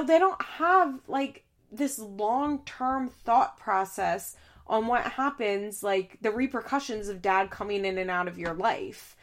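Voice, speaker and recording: A young woman giving heated, exasperated casual commentary, full of "like" fillers and swearing. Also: medium pitch. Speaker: reality TV commentator.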